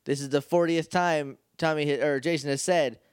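Animated podcast co-host, dry close mic. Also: male voice, a little high, moderate pace, clear, resonant tone, no echo. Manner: animated, acts out characters' lines while recapping. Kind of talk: casual recap chat.

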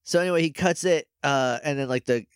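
A man's voice: a little high, fairly quick, smooth, no room sound, studio quality. A man co-hosting a podcast, casually recapping a show episode with laughs and quoted voices. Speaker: podcast co-host.

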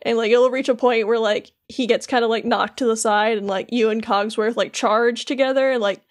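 A woman's voice: a little high, steady tone, brisk. A woman co-hosting a podcast, casually recapping a video game and saying "like" constantly. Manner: rambling, fills with "like" constantly. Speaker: podcast co-host.

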